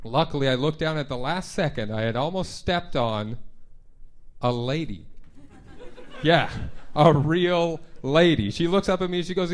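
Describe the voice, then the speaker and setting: A young man performs stand-up on a club stage into a handheld mic. His voice sits a little high for a man. He tells stories in a loose, self-deprecating way and breaks into punchy act-outs. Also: expressive, a little slow. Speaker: stand-up comedian. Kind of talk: stand-up comedy set.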